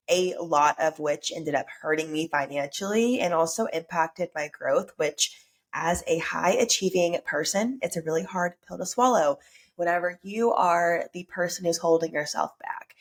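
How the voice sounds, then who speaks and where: Congested and hoarse from a sore throat, a deep-voiced woman still brings upbeat sincerity to her solo motivational podcast.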